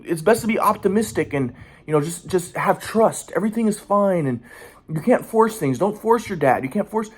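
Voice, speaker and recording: A man voicing his older grandfather, who lectures calmly in a preachy, placid way. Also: high-pitched, moderate pace, breathy edge, voice pushed up.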